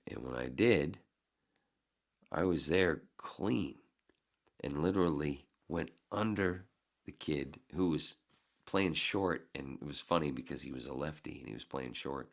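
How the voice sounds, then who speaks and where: A very deep, gravelly male voice from a man in his fifties hosting a podcast. He tells his stories in a loose, profane and worked-up way, with his pitch swinging up and down a lot. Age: 50s. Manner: profane, heated, animated storyteller. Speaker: podcast host. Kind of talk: casual storytelling monologue.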